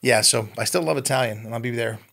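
Middle-aged guy with a gravelly voice, casual chat, tells stories and does quotes. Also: medium pitch, fast talker. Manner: animated storyteller, acts out quotes. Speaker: guest actor.

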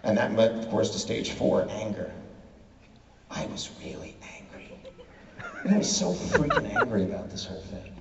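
A man performing an animated stand-up comedy routine in a large theater, shouting punchlines over a loud crowd. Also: lowish voice, moderate pace, gravelly, a little hiss or hum. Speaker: comedian on stage. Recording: far, roomy, lo-fi concert audio with loud crowd. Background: loud audience laughter and cheering.

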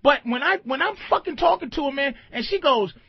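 A man's voice: very high-pitched, expressive, brisk, vocal fry. A man hosting a talk radio show, ranting emphatically with heavy profanity and acting out voices in quotes. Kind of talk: provocative talk radio rant. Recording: dull lo-fi radio broadcast.

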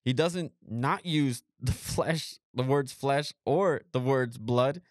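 A man's voice: mid-range voice, slow pace, no room sound, clean studio sound. A man hosting a podcast, preaching emphatically, reading scripture and repeating phrases for emphasis. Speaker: podcast host.

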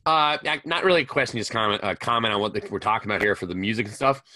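A man's voice: lowish voice, lively intonation, racing, sharp tone. A man DJ joining a video call, casually telling a story about a gig. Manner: conversational, storytelling. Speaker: DJ caller.

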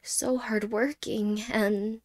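A woman voicing an apologetic young ex-girlfriend in a whispered role-play, speaking haltingly and softly and slipping into whispers. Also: medium pitch, level tone, close to an everyday voice. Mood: tender. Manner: halting, hesitant, soft-spoken with whispered words.

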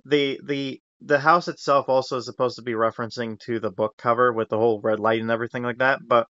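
A man's voice: mid-range voice, fairly even intonation, fast, a bit bright, no room sound, muffled recording. A man hosting a podcast, chatting casually and enthusiastically, rambling with lots of fillers. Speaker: podcast host.

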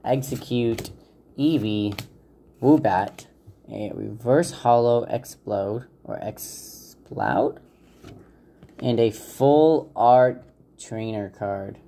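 Gravelly, mellow-voiced man opening card packs. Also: mid-range voice, slow. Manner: relaxed, hesitant, many fillers, unsure of names. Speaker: channel host opening trading card packs. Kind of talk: casual unboxing commentary.

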